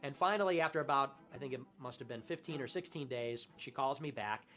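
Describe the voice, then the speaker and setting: A man telling a personal story in an animated monologue, acting out the dialogue he quotes. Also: medium pitch, fairly quick.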